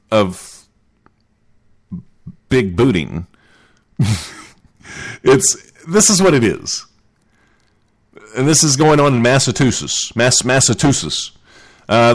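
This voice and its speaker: A man hosting a comedic show, rambling jokily through odd news stories and asking his listeners questions. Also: mid-range voice. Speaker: radio show host.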